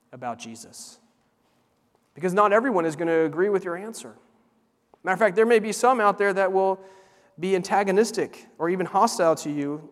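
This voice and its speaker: A man delivering a sermon in an earnest, emphatic way, leaning on slow repeated words. His voice sits a little high for a man. It rings with a long reverb, as in a large hall. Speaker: pastor.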